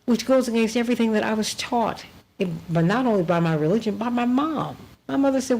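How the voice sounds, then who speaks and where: A woman's voice: fairly high pitch, brisk, vocal fry, rough recording. A woman hosting a talk show, chatting casually and animatedly retelling what her parents used to say. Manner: lively storyteller, quotes family. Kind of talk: casual chat.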